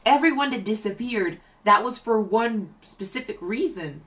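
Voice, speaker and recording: A woman's voice: on the high side, expressive, moderate pace, a bit bright. Woman musing over a TV episode. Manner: thoughtful, restarts sentences often. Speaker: reaction channel co-host. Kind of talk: casual reaction chat.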